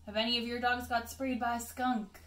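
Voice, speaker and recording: A woman teacher reading a picture book aloud to children, expressive, with chatty asides to her pupils. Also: fairly high pitch, a little fast, reverberant.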